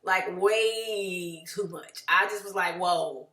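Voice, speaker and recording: A woman casually recapping a reality show, acting out what the cast said in lively voices. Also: medium pitch, slow, echoey room. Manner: animated, acts out quotes of the cast.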